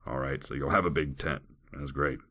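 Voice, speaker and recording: A man's voice: very deep voice, fairly even intonation, moderate pace, bright, forceful tone, breathy edge. A podcast host, a man, reading scripture aloud and breaking off into wry joking asides in casual chat.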